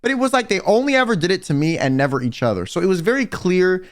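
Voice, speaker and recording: A young man telling a personal storytime in casual, profane slang, animated and blunt. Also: high-pitched, fast. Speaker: vtuber and livestreamer. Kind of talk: storytime rant.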